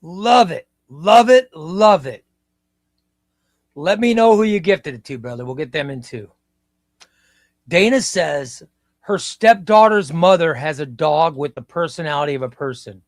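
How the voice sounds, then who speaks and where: A man in his fifties hosting a casual live stream, talking slowly and reflectively and often repeating his phrases. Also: fairly high pitch, no room sound, clean studio sound. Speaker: livestream host. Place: home room.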